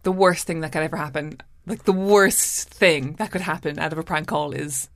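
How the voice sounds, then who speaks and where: A woman's voice: low voice, moderate pace, no echo. Chatty woman hosting a book chat. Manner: chatty, lots of fillers and tag questions. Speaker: podcast host.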